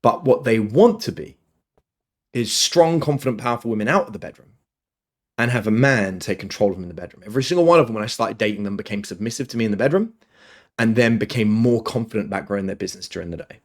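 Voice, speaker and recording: A man, a dating coach guest on a podcast interview, telling stories with lively, acted-out quotes. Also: on the low side, quick pace. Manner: animated storyteller, acts out quotes in other voices.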